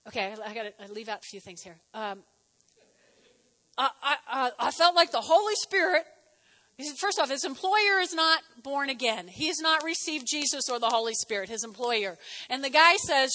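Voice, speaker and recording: A middle-aged woman pastor with a New Jersey accent preaching a lively sermon, calling on the congregation to repeat phrases back. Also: high voice, normal speed. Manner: lively, animated preaching with audience call-and-response. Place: church hall. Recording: reverberant hall.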